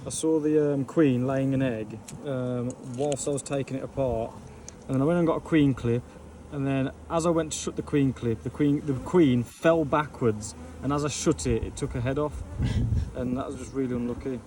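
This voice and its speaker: A man's voice: mid-range voice, steady tone, normal speed, warm tone. Man, anecdotal and chatty, noisy outdoor buzz behind. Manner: chatty, tells anecdotes, laughs easily. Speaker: bee removal worker. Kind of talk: casual chat while working.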